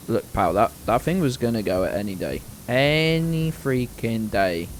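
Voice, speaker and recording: A man's voice: on the low side, animated, measured pace, slight background noise. A British man giving casual, sarcastic and sweary commentary while streaming a video game. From Britain.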